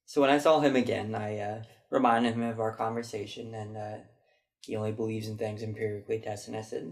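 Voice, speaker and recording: Guy talking to camera, gravelly fry in his voice, chatty and thoughtful. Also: on the low side, fairly even intonation, quick pace, darkish tone. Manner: chatty, reflective, mimics people he met. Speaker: vlogger. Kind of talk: casual storytelling monologue.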